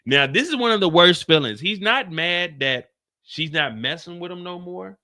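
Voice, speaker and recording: A man hosting a casual livestream recap, telling it in an animated, joking, slangy way. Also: high voice, moderate pace. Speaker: show recap host.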